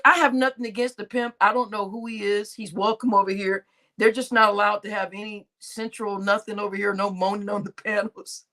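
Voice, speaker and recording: High-voiced woman gossiping on a livestream. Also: fairly bright tone. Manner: laughing often, profane, addressing chat as y'all. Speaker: livestream commentator.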